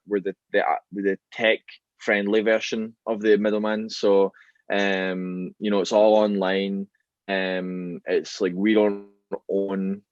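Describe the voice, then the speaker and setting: A man's voice: low-pitched, no room sound, dull audio. A man with a Glaswegian Scottish accent chatting casually as a podcast guest, rambling with lots of fillers and restarts. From Scotland. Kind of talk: casual chat.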